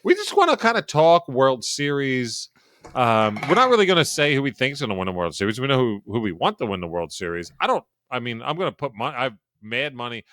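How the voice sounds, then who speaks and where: Male podcast co-host, lively swooping delivery, casual and profane, dry close sound. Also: mid-range voice, no room sound. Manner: animated, profane, stumbles and repeats words. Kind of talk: casual sports betting chat.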